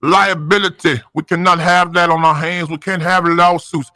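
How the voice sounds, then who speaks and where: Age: adult. Role: excitable wrestling commentator. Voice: bright, dry. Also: male voice, sits high, moderate pace, no echo. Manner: dramatic, excitable, hype. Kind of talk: over-the-top comedic wrestling commentary.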